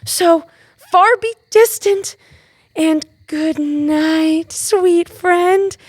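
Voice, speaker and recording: A woman's voice: very high-pitched, very slow, a little mellow, no room sound, full character voice. An actress playing a modest young noblewoman in a college stage play, earnest and pleading. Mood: tender.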